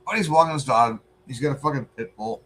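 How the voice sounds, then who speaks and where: Profane, animated man. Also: mid-range voice, fast talker. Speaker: podcast co-host. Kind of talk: casual chat.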